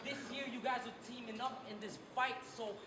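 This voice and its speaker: A man's voice: very high voice, fairly even intonation, brisk. A man delivering a mocking live battle rap at an event venue. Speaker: battle rapper. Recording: echoey room, loud background noise.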